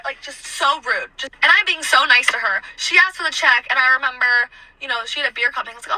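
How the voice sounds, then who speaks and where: Bright, high-voiced young woman telling a story. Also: quick pace, hardly any pauses, no echo, low-quality recording. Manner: animated, acts out the other people's voices. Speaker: waitress telling her own story. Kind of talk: casual storytelling.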